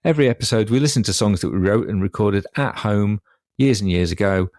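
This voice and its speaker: A man's voice: on the low side, brisk, darkish tone, no room sound. A man, co-hosting a podcast in casual chat with a dry, wry and precise manner. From Derby, England. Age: 50s. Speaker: podcast co-host.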